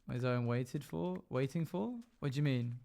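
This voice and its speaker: Guy streaming and chatting, goofy, hums little tunes, bit of fry in the voice, mid pitch. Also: normal speed, dark tone. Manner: playful, hums and scats between remarks. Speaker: live streamer. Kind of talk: casual chat while gaming on stream.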